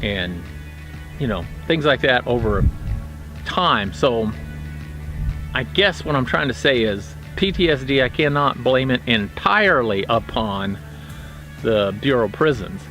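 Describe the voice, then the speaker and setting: A middle-aged man, a retired prison officer, telling his own stories in a plainspoken, blunt way, halting often with fillers. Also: medium pitch, animated, bright, forceful tone, soft background music. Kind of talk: casual storytelling monologue.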